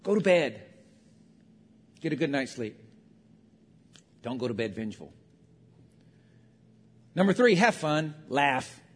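High-voiced man preaching in a reverberant hall. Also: big pitch swings, slow, pauses often. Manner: conversational preaching with acted-out quotes. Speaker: pastor. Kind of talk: sermon on marriage. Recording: long reverb of a large hall.

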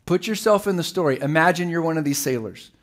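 A middle-aged man preaching a sermon as pastor, telling the story with animated, acted-out voices. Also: a little high, quick pace.

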